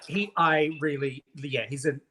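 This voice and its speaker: A chatty guest spins a long gossipy story, sprinkling "honey" through nearly every sentence. This speaker acts out what everyone said in quotes, in a mid-pitched voice. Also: unhurried, pushed and bright, a little hiss or hum. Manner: acts out others' lines in quotes. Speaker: guest costume maker. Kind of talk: casual chat.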